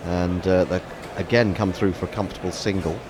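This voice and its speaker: A man's voice: low voice, fairly even intonation, brisk, darkish tone, slight background noise. A man commenting ball by ball on a cricket match, with wry, chatty banter between deliveries.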